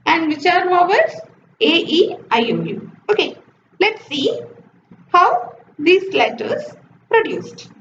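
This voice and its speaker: A woman teaches at an unhurried pace. Her high voice rises and falls a lot as she explains each point. The sound is roomy and slightly muffled, like a lo-fi classroom recording. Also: huge pitch swings, a bit bright, slight background noise. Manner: explains step by step, often saying "okay". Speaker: lecturer. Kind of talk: slide-based phonetics lecture. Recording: echoey, dull lo-fi room recording.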